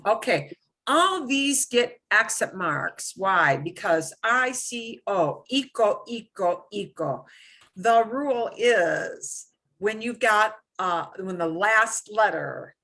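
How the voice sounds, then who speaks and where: A woman teaching a beginners' Spanish class, explaining with emphatic, animated bursts. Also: slow pace. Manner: animated, emphatic explaining with sudden high exclamations. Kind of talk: live classroom lesson.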